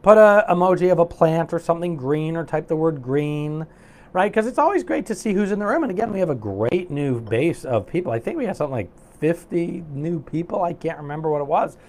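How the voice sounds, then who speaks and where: A man's voice: a little high, lively intonation, brisk, darkish tone, slight background noise. A man hosting a live coaching stream, upbeat and chatty, reading viewers' comments aloud with many fillers.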